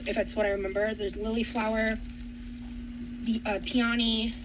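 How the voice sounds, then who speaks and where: Blunt, chatty woman vlogger, higher voice. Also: level tone, moderate pace, background noise. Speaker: vlogger unboxing gifts. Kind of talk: casual chat to viewers.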